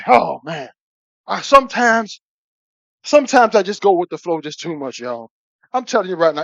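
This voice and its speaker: A man cooking on a live stream, talking excitedly to his viewers, calling them baby again and again and breaking into whoops. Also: sits high, no echo. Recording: dull lo-fi stream audio.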